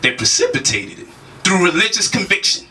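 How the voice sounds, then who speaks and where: A man's voice: sits high, very animated, a little fast, bright, forceful tone, distant mic, slight background noise. A man giving a heated spoken lecture, emphatic, with repeated rhetorical questions and casual slang. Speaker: speaker challenging a debate opponent.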